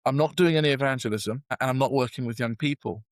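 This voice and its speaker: A man's voice: medium pitch, fast, no room sound. Self-deprecating British man telling a story. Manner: animated, self-deprecating storyteller with many fillers. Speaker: guest. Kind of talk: storytelling in a podcast interview.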